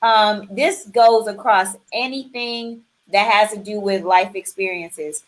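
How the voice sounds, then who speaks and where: A woman's voice: mid-range voice, fairly even intonation, slow pace. A woman hosting a live online interview, encouraging her guest and reading viewer comments aloud. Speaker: talk show host.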